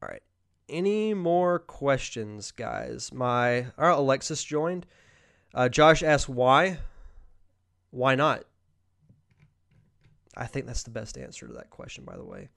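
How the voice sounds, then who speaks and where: Young guy hosting a live q&a, smooth clear voice, laid back, reads questions and riffs on them. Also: medium pitch, measured pace, pauses often. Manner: relaxed, reads out viewer questions and answers off the cuff. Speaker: podcast host. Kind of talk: casual live Q&A chat.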